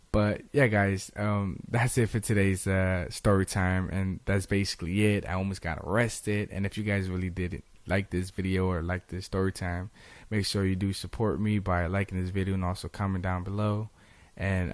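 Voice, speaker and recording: A man's voice: deep voice, a little mellow, no echo. A young man vlogging a rambling, slangy story time, full of fillers and restarts.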